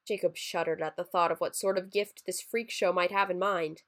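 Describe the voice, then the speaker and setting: A woman narrating a dark holiday short story in a measured, expressive reading. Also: lowish voice.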